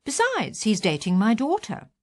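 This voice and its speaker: A woman reading a first-person short story aloud with a wry, expressive delivery. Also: a little high, normal speed, dry recording, clean studio sound. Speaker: audiobook reader.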